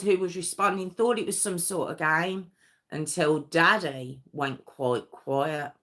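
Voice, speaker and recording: A woman's voice: low voice, slow pace, fairly bright tone. A woman hosting a live true crime stream, telling the story conversationally with many fillers and restarts.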